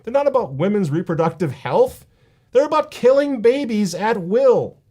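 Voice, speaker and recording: A man's voice: sits high, sing-song, normal speed, warm tone. Indignant man giving sarcastic commentary. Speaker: host of a political commentary show. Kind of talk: opinion commentary.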